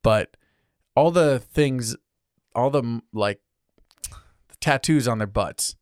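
A chatty man co-hosting a casual podcast, laughing often and slipping into playful voices for quotes. His voice is smooth and clear at a middle pitch. It is recorded dry, with no room sound. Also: slow pace, dry recording. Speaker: podcast co-host. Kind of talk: casual chat.

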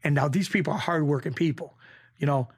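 Gravelly-talking New man telling stories. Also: on the high side, fast. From Springfield, Massachusetts. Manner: animated storyteller, rough street talk, repeats himself. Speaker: guest. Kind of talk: casual storytelling.

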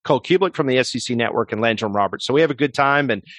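Male sports radio guest, rambling storyteller, mid pitch, dry close sound. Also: very fast, fairly bright tone, no echo. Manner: rambling, filler-heavy storyteller. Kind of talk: casual storytelling interview.

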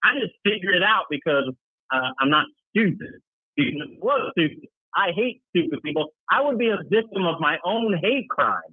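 A man's voice: high-pitched, lively intonation, normal speed, slightly rough, no room sound. A man co-hosting a podcast in casual chat, talking sarcastically with mocking asides. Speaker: podcast co-host. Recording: dry, tinny phone-like line.

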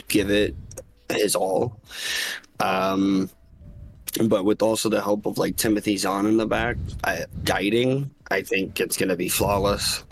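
Male co-host, low pitch, measured delivery, a little hesitant. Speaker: podcast co-host. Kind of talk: casual chat.

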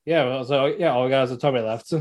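A man's voice: mid-range voice, fast, darkish tone. A man co-hosting a podcast in casual chat, easygoing and steering the conversation along. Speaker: podcast co-host.

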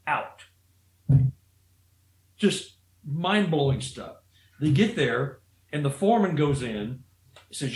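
A man's voice: medium pitch, animated, unhurried. A man telling a story in a casual, rambling way, often restarting his sentences and saying "you know.". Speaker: guest storyteller. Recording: roomy echo.

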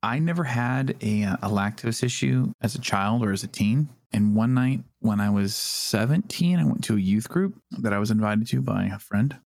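A man with a somewhat low voice tells a story casually on a podcast, swearing freely and chuckling as he goes. He acts out the lines other people said. The sound is close and dry. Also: expressive, normal speed, gravelly, few pauses, a little mellow, no echo. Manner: profane, laughs mid-story, acts out quoted dialogue. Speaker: podcast co-host.

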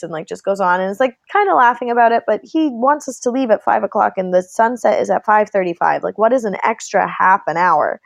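Young woman co-hosting, casual gossipy chat, does little voices for people, mid-pitched. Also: fast talker, vocal fry, few pauses, no echo. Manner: chatty storyteller who quotes people in voices.

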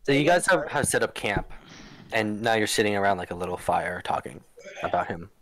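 A man's voice: on the low side, lively intonation, a little fast, a bit bright, rough recording. A man running a tabletop game as game master, narrating the scene in a loose, descriptive way with frequent restarts.

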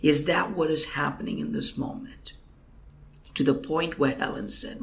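A man's voice: fairly high pitch, steady tone, normal speed, gravelly, a bit bright. A man, a guest minister, telling an emotional testimony in a podcast interview, earnest and at times dropping to a whisper. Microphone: computer microphone.

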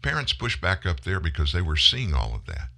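A male talk radio host giving an impassioned monologue, speaking emphatically to listeners, rising to loud bursts and dropping low again. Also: wildly swooping pitch, a little fast, gravelly. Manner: addresses listeners as folks.

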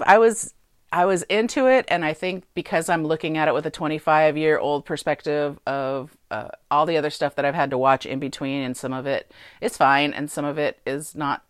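A woman co-hosting a casual movie review chat, talking in an animated, emphatic way with many fillers and repeated words. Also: low-pitched, dry recording, clean studio sound. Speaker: podcast co-host.

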